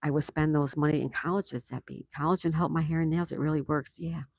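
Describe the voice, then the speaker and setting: A man's voice: fairly high pitch, steady tone, quick pace, gravelly, dry recording. A man hosting a casual livestream, reading viewer comments aloud and reacting with easy laughs. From United States. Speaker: livestream host reading chat. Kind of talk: casual live chat.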